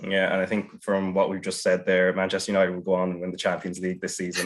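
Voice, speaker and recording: A man's voice: low voice, level tone, quick pace, few pauses. An Irish man hosting a football podcast in an easygoing way, reading out fixtures and wrapping up. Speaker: podcast host.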